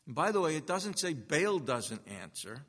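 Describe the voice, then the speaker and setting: Bright-voiced preacher in a reverberant hall. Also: male voice, on the high side, sing-song, normal speed. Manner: dramatic swings from loud to hushed. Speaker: pastor. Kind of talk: sermon.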